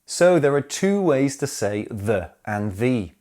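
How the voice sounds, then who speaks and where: A man narrating a scripted English grammar lesson, explaining slowly and clearly and speaking his examples aloud. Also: medium pitch, sing-song, darkish tone. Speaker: English teacher.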